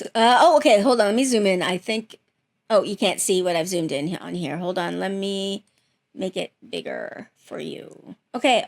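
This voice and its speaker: A woman hosting her channel, chatting casually at home about viewer theories, rambling with many fillers and restarts. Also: mid-range voice. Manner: rambling, lots of fillers and self-corrections. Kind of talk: casual reaction chat.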